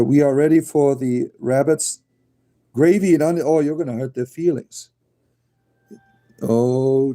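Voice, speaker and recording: A man talks loosely on a home livestream, drifting between his pet rabbits and the chat. His voice sits mid-pitch with a dark, mellow tone. He is recorded on a phone, with faint music underneath. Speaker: livestream host.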